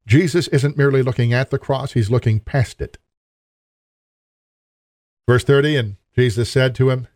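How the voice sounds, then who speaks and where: A man's voice: mid-range voice, fairly even intonation, normal speed, long pauses, a little mellow, no room sound, clean studio sound. A man preaching a sermon in an earnest, emphatic way, appealing directly to his listeners.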